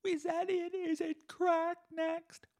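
A man voicing a shrill, image-obsessed middle-aged woman politician, scolding her teenage son in a falsetto. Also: slow, darkish tone. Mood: hysterical. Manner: hysterical, scolding.

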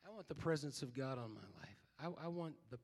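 A man's voice: mid-range voice, expressive, a little fast, big-room sound. A man pastor preaching a fervent sermon, quoting scripture and calling on the congregation to respond.

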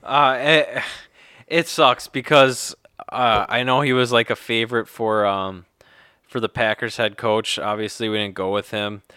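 A young man in casual sports talk, his voice bright and crisp. It sounds dry and close, and he works his way through thoughts with lots of stops and restarts. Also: medium pitch, steady tone, no room sound. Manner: halting, many fillers and restarts. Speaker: podcast co-host.

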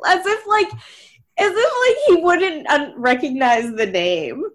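Woman cracking blunt jokes, swears a lot, voice jumps around, fairly high. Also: big pitch swings, unhurried. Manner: blunt, wisecracking, swears freely. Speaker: podcast co-host. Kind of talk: casual chat.

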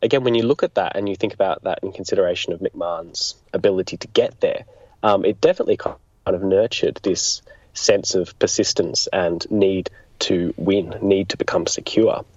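A man's voice: low voice, normal speed, a little mellow, dry recording. A man being interviewed as a political biographer, explaining thoughtfully and often restarting his sentences. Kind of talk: conversational history interview. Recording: dull lo-fi sound.

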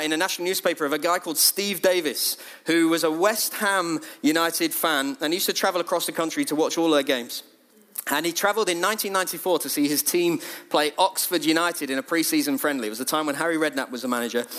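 Man, high-pitched, middle-aged, church leader, chatty sermon, lively delivery. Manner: lively, conversational, acts out quotes in a raised voice.

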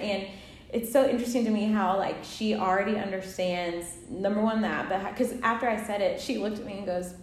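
A woman in her thirties co-hosting a casual faith podcast, chatty and animated, laughing often. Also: mid-range voice, a little fast, a little hiss or hum. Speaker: podcast co-host. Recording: echoey room.

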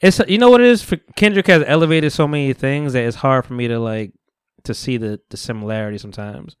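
A man's voice: medium pitch, quick pace, smooth, no room sound, clean studio sound. A man co-hosting a podcast in casual chat, talkative and hedging, often stumbling over his words and laughing. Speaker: podcast co-host.

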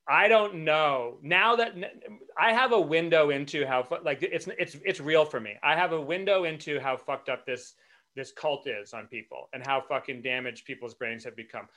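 A man's voice: on the high side, moderate pace, bright, forceful tone. A man co-hosting a podcast in casual chat, talking in a heated, profane way with stumbling restarts. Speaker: podcast co-host.

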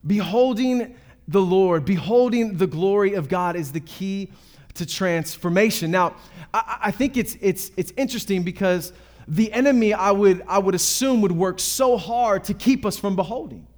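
A pastor preaching a sermon in a fairly high male voice. He speaks emphatically, repeating key words and calling out questions to the congregation between points. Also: moderate pace, a little mellow.

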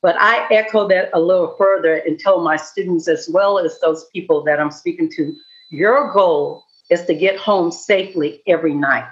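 A woman's voice: lowish voice, moderate pace. Woman panelist and law enforcement educator, conversational, muffled lo-fi audio. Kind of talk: panel discussion.

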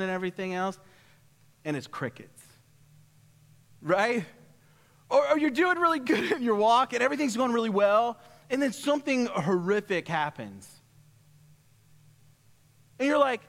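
A man preaching a sermon in a church, animated and lively, acting out voices and laughing as he goes. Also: high-pitched, normal speed, big-room sound. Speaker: pastor.

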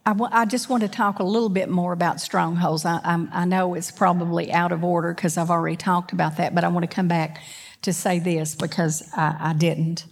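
A woman's voice: on the low side, steady tone, vocal fry. Woman preaching with rising emphasis. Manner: swings between loud preaching and quick conversational asides; asks the congregation questions. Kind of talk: sermon.

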